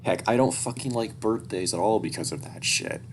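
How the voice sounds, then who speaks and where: A young man with a very low, deep voice reads a story aloud, dropping into candid, casual asides full of swearing. There's a faint hum in the background. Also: lively intonation, moderate pace. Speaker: story reader.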